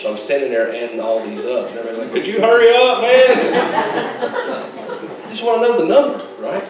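A male pastor preaches in a relaxed, folksy way, mixing jokes into his points. His voice rings out from a little distance in a very echoey church sanctuary, with faint room noise behind. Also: mid-range voice. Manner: folksy, joking asides with laughs. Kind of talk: sermon.

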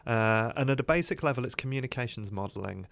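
A man telling his life story as a podcast guest in an animated way, with many "uh" fillers. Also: medium pitch, quick pace, creaky, dry recording.

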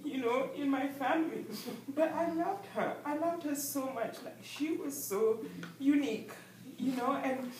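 A high-pitched woman shares an affectionate, frank memory, laughing as she talks. She sits away from the mic in an echoey room. Faint noise stays in the background. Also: a little mellow. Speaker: mourner sharing a memory. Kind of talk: personal remembrance. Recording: echoey, distant room recording.

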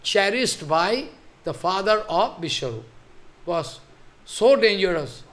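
A male religious teacher, a native Bengali speaker, telling a scripture story in a sermon, halting and repeating phrases and checking that listeners follow. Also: high-pitched, animated, fairly bright tone.

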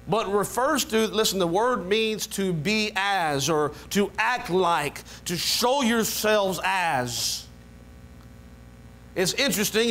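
High-voiced preaching pastor, man. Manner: preaching with rising emphatic build-ups; leads a quiet low prayer. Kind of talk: sermon. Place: church sanctuary.

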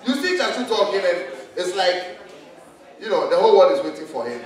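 A Ghanaian man doing a loud, animated stand-up comedy routine, switching in and out of character voices. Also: high-pitched, moderate pace. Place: comedy bar stage. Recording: echoey club, distant mic, crowd laughter. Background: laughing audience.

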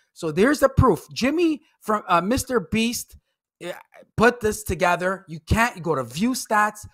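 Bright-voiced man ranting with mockery. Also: high-pitched. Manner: mocking, profane, heated ranting; repeats phrases for emphasis. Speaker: commentary YouTuber. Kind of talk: ranting commentary vlog.

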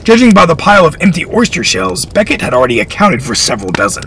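A man reading historical fiction aloud in an expressive storytelling style. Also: a little high, fast talker, a little hiss or hum, low-quality recording.

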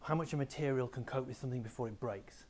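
A man's voice: medium pitch, fast talker, darkish tone, a little hiss or hum. Male teacher giving an assembly talk. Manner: explanatory, addresses pupils directly. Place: school room with a small live audience.

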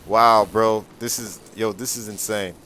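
A young man giving casual, excitable game commentary, full of slang and repeated reactions. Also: fairly low pitch, measured pace, slight background noise. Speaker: gameplay commentator.

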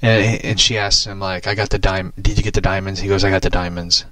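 A man's voice: low-pitched, brisk, no room sound. A man casually rambling about a movie he watched, swearing often and laughing at his own remarks. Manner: animated, profane, laughing often. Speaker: vlogger.

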